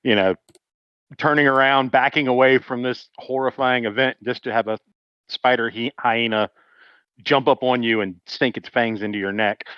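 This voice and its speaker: A man's voice: mid-range voice, fairly even intonation, moderate pace, clean tone, no echo. A man playing in a tabletop game, casually describing his character's actions. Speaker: player. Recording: dull dry audio.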